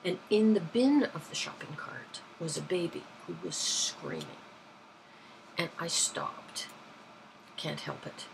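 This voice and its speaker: A woman's voice: lowish voice, lively intonation, slow pace, gravelly, background noise. A woman from London, telling everyday stories in a rambling, chatty way that keeps correcting itself. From London, England. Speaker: vlogger. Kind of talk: casual anecdotal storytelling.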